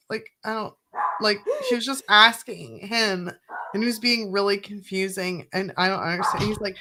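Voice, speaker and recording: A woman's voice: medium pitch, normal speed, a little hiss or hum. A woman co-hosting a casual writing livestream, telling stories with lots of laughter. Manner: chatty, laughs often, animated storytelling. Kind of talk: casual chat.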